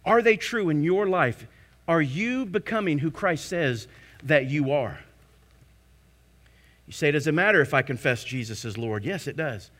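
A male pastor preaching a sermon with strong conviction, swinging between hushed, slow phrases and loud, rising declarations. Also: a little high, lively intonation.

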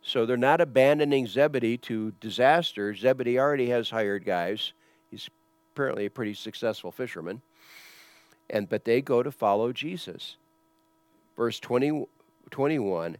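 A man's voice: medium pitch, moderate pace, clear, resonant tone, no room sound. Man preaching a conversational sermon. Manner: conversational teaching, asks rhetorical questions. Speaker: pastor. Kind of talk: expository sermon.

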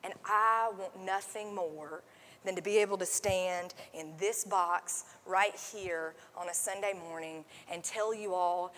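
A woman pastor giving a sermon in a conversational, chatty way, full of fillers, sometimes dropping to a soft hush. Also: medium pitch, slow. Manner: conversational, many fillers like "like" and "um", drops to a soft hush when quoting. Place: church sanctuary. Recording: long hall reverb.

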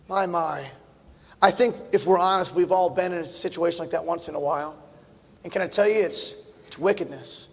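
A male preacher with a notably high voice delivers a fervent sermon, repeating words for emphasis and pushing toward a shout at his peaks. His voice rings out in a big church, trailing a long reverb. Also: brisk. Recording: long reverb of a large hall.

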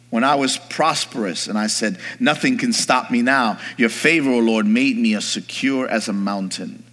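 A man preaching a sermon, swinging from hushed, slow reflection to rising, shouted exhortation, calling on the congregation to answer him. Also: medium pitch, in a large hall. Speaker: pastor.

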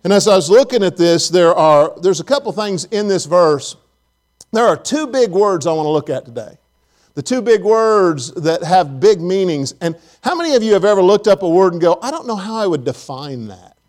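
A man's voice: high voice, lively intonation, normal speed, a little mellow. A man preaching a sermon in church, telling folksy stories and asking the congregation questions. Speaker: pastor.

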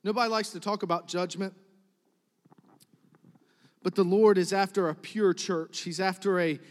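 A man preaching a sermon to his congregation as pastor, building to emphatic loud stretches and dropping to soft, quiet ones. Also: high-pitched, fairly even intonation, normal speed, big-room sound.

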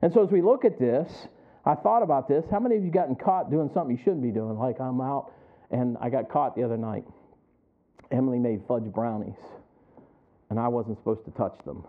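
A man's voice: medium pitch, brisk. Chuckling man preaching over thin audio. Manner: conversational, chuckling, asks the congregation for responses. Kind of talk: sermon. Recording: tinny phone-like sound.

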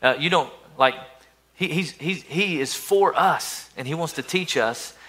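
Middle-aged man, pastor in a church service, bright slightly high voice, chatty sermon delivery with lots of repeated words. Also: measured pace. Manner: conversational preaching, repeats words, quotes inner voices in a softer tone.

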